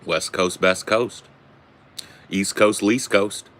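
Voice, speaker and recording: Laid-back deep-voiced man in his forties. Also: fairly even intonation, slow pace, a bit bright. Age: 40s. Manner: laid-back, joking, rambling. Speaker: streamer answering viewer questions. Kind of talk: casual chat.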